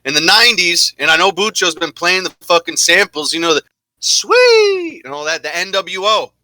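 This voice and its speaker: A male co-host of a podcast, talking loosely and profanely with a very bright, sharp-edged voice. He sits a touch high in pitch, and his sound is dry. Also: a little fast, no echo. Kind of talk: casual podcast chat.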